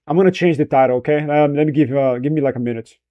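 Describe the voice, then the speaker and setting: Male streamer, fairly high voice, rambling casual chat, frequent self-corrections. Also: fast talker, muffled recording.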